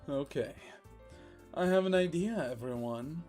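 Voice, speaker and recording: A woman streaming a game, excitable and profane, laughing often and repeating herself as she reacts. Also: fairly low pitch, unhurried, faint music behind. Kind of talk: live let's-play commentary.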